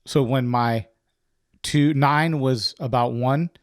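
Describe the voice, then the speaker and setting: A man's voice: medium pitch, slow, no echo, studio quality. A man in his forties hosting a podcast, casual and swearing freely, often calling people dude. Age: 40s. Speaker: podcast host.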